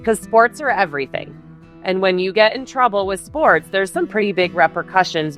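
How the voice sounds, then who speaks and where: A woman's voice: on the low side, fairly bright tone. A middle-aged woman, a podcast guest, retelling a family ordeal with intensity and quoting the heated quarrels. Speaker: guest telling her story. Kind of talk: podcast interview storytelling.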